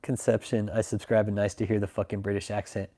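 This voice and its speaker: A man's voice: on the low side, level tone, quick pace, mellow. A man from Texas, hosting a casual livestream chat, swearing constantly, mocking and laughing often. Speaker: livestream host.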